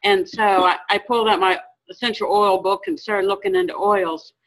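Woman, audience member, earnest, halting, middle pitch. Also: fairly even intonation, low-quality recording. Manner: earnest, halting, restarts often. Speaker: workshop attendee. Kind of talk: sharing a personal story.

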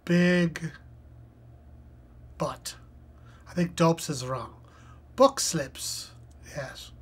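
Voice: medium pitch, very slow, husky. A live-stream host chatting casually and reading puzzle clues aloud as they think, with lots of fillers. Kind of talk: casual live-stream commentary while solving a crossword.

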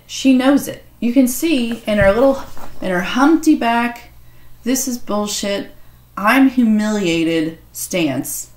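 A woman host swearing and joking crudely in a casual unboxing vlog. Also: fairly high pitch. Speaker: author and video host. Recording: echoey room.

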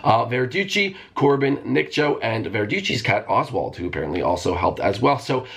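A man hosting a gaming video, giving excitable live commentary that jumps into squeals and shouts. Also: medium pitch, normal speed, gravelly. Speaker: gaming channel host.

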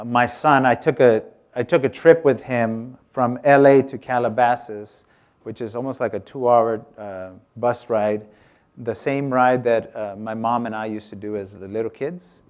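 A man giving a casual artist talk to an audience, chatty, breaking off mid-sentence and asking the room questions. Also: medium pitch. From United States. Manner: chatty, self-interrupting, asks the audience questions.

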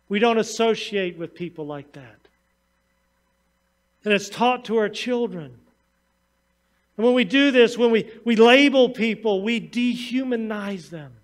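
A man pastor preaching a sermon, reading scripture and then telling stories to his congregation. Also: high-pitched. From United States. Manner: storytelling sermon, reads scripture then tells anecdotes.

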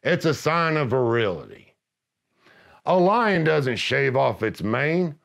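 A middle-aged man narrating scripted comedy with gruff, deadpan macho pronouncements. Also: medium pitch, slow.

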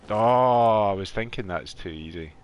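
Scottish male streamer, low voice, loose and talkative with his viewers, quick to laugh. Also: clean tone, highs cut off. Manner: chatty, laughs often, talks to viewers. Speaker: live game streamer. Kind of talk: casual live gameplay chat. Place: warm bedroom at home.

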